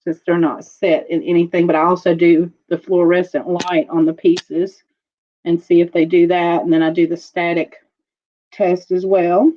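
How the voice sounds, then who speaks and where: A woman hosting a casual live-streamed jewelry auction, chatting slowly as she describes pieces and calls out viewer bids. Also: lowish voice, flat delivery, muffled recording.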